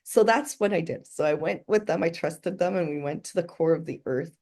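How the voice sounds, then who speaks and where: A woman's voice: lowish voice, fairly quick, darkish tone. A middle-aged woman as an interview guest, telling her story earnestly and acting out the voices of people in it. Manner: earnest, quotes voices as she tells. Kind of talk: casual storytelling.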